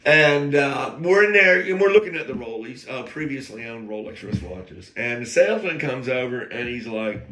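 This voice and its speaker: A man's voice: medium pitch, lively intonation, normal speed, hardly any pauses, sharp tone. A man casually telling an anecdote, rambling with wry, self-aware digressions. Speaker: storyteller. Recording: echoey room.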